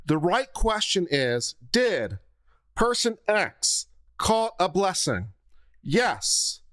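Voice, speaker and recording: A man's voice: high-pitched, sing-song, slow, fairly bright tone. A man commenting on a legal deposition video in a blunt, exasperated, lecturing way.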